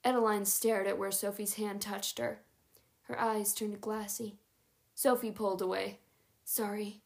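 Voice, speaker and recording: Slightly gravelly woman reading a chapter book. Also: medium pitch, fairly even intonation, a little slow. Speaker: audiobook narrator.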